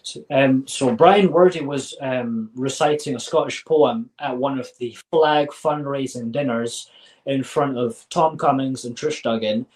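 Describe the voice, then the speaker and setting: A man as an interview guest, talking casually in a halting way with many fillers and restarts, then bursts of quick talk. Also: mid-range voice, a little mellow, low-quality recording.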